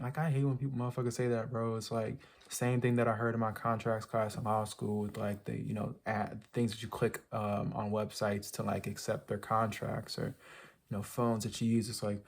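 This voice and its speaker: A man's voice: on the low side, flat delivery, normal speed, creaky. A young man ranting casually to his viewers, rambling and swearing, with lots of filler words. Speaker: vlogger. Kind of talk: casual rant to camera.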